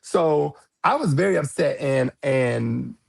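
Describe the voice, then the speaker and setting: A man telling a story as a podcast guest, frank and animated, with cursing and sudden high jumps in pitch when he quotes people. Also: takes it slowly, creaky, breathy edge. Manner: frank, swears freely. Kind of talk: storytelling in a casual interview.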